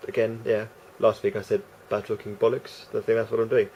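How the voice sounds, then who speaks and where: A man's voice: fairly low pitch, little pitch movement, brisk, warm tone, a little hiss or hum. A man rambling through a casual vlog monologue, hesitant and full of restarts and fillers. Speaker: vlogger.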